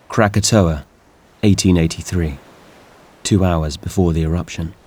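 A man reading a science fiction audiobook in measured, expressive narration. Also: deep voice, breathy edge. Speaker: audiobook reader. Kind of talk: scripted narration.

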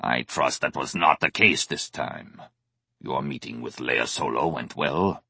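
A man voicing a stern, zealous alien war master who speaks in a commanding, measured way in an audiobook. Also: rumbling low, bright, forceful tone, breathy edge, dry recording, voice pushed down, full character voice.

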